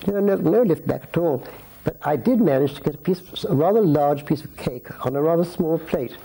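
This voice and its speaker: A man's voice: on the high side, expressive, fairly quick, creaky, dark tone, slight background noise, low-quality recording. A man in his eighties telling long rambling stories about his past in a filmed interview at his home. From Scotland. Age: 80s. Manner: rambling, anecdotal, with restarts and asides. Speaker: interviewee, society photographer.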